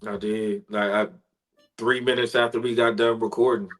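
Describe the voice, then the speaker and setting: A man, a spoken word artist, telling an emotional personal story in an earnest, heartfelt way, sometimes soft-spoken. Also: medium pitch, little pitch movement, moderate pace, rough recording.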